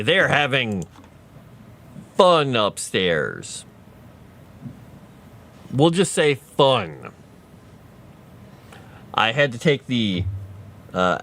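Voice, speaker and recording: Streamer, male, casual rambling chat, lively pitch. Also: a little hiss or hum. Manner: rambling, chatty, reads chat aloud.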